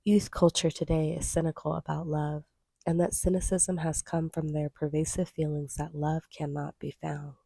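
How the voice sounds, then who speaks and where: An audiobook reader, a woman, reads scripted nonfiction at a measured, steady pace. Her low, mellow voice has a gravelly edge and a slightly husky grain. The recording is close and dry.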